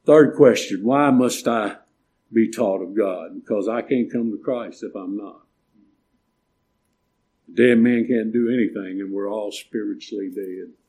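Older guy preaching, mellow dark voice, gets loud and emphatic. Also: mid-range voice. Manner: emphatic preaching, swelling louder on key points. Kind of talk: sermon.

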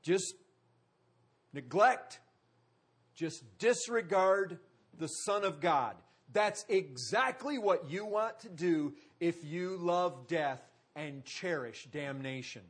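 Husky, lively preaching man. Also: on the high side. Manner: preaching with emphatic repetition and dramatic pauses. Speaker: pastor. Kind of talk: sermon.

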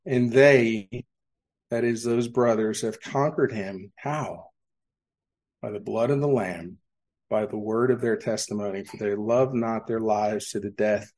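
A man's voice: on the low side, fairly even intonation, a little slow, darkish tone. Man preaching with rhetorical questions. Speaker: pastor. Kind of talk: sermon. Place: church sanctuary.

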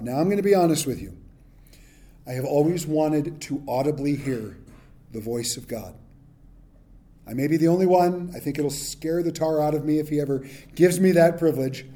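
A male pastor preaching a sermon, telling the story with lively acted-out quotes. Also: mid-range voice.

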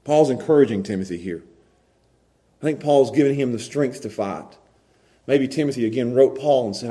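A man's voice: medium pitch, moderate pace, long pauses, mellow. A man preaching a sermon as pastor, emphatic and repeating words as he pleads.

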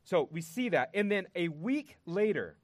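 High-voiced preacher, earnest and emphatic. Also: male voice, big pitch swings, no echo. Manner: earnest, emphatic, with pauses and repeated words. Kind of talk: sermon.

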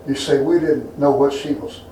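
A man's voice: mid-range voice, normal speed, dark tone, distant mic, a little hiss or hum. A middle-aged man preaching a folksy sermon to a responsive congregation. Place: church sanctuary. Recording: echoey church room.

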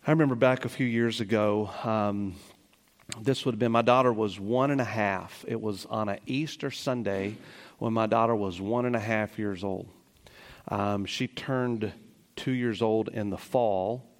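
A middle-aged male preacher giving a sermon, shifting between slow, hushed scripture reading and lively, excited storytelling. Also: fairly low pitch, big-room sound. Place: church sanctuary.

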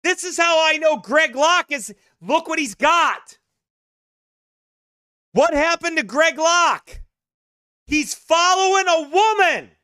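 A scornful man preaching in an emphatic sermon-style commentary. His voice is very high and smooth, and his delivery is slow and deliberate. The voice is bright and forceful, in a dry room. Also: expressive, no echo. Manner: emphatic, scornful, bursts into shouts.

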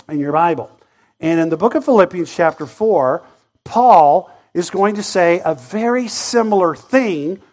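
A man preaching a sermon in a conversational way that builds to impassioned pleading. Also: high-pitched. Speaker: pastor.

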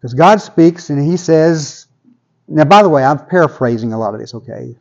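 A man's voice: on the high side, moderate pace, creaky, a little mellow, dull audio. A man preaching a sermon in a conversational way, often repeating words as he builds toward a point. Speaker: pastor.

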